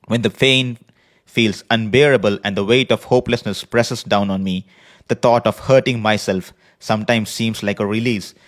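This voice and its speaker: A man hosting a podcast, speaking in an earnest, measured personal monologue from a prepared script. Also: lowish voice. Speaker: podcast host. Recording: podcast voice recording.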